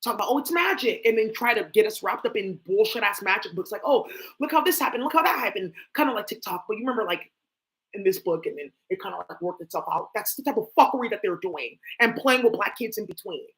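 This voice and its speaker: A woman hosting a tarot stream in a loose, rambling rant. She talks bluntly and profanely with lots of animation, asks questions out loud and answers herself. Her voice sits at a middle pitch for a woman. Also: fast. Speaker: tarot livestream host. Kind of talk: casual ranting monologue.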